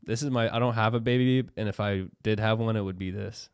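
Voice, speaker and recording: Relaxed male host, low voice, dry close mic, deadpan asides. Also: brisk, clean tone, no echo. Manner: laid-back, short interjections, dry humor. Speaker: podcast host. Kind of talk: casual chat.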